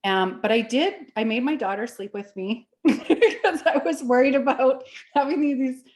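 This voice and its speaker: Chatty woman telling an animated story. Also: high voice, normal speed. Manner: animated storytelling, acts out quoted voices; laughs often. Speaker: podcast co-host. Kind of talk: casual chat.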